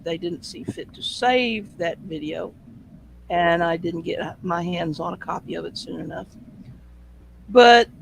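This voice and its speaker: A man with a fairly high voice tells a casual anecdote as a host. He is animated and throws in vivid sound effects. A faint hum of background noise sits behind him. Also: rough recording.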